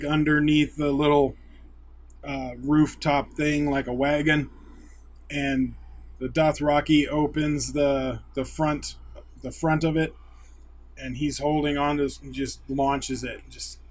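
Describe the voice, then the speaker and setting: A man hosting a casual recap of a TV episode, retelling scenes with eager excitement. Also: on the high side. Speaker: YouTube show host.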